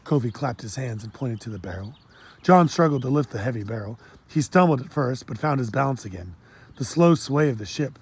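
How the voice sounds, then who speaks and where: A man reading a children's storybook aloud in a steady, plain storytelling manner. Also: medium pitch, a little fast, breathy edge, dry recording. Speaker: audiobook narrator. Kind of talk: storybook narration.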